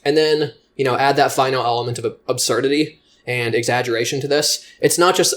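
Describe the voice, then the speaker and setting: A man breaks down how jokes work in a casual, rambling manner, cursing constantly and happily mocking himself. His voice sits at an everyday middle pitch. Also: fast, few pauses, a little hiss or hum. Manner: profane, swears freely; loose and rambling, self-deprecating. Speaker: comedy writing teacher. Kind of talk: casual spoken explanation.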